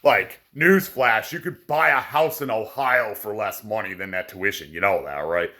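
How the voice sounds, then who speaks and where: A man's voice: lowish voice, moderate pace, bright, forceful tone. A man delivering a profane, sarcastic ranting monologue to his viewers. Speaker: vlogger.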